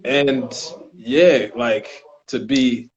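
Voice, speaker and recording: Man, New York accent, halting casual chat, mid-pitched voice, dull lo-fi sound. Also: fairly even intonation. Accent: New York (Staten Island). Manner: halting, restarts a lot, laughs easily. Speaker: actor and co-host. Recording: dull lo-fi recording.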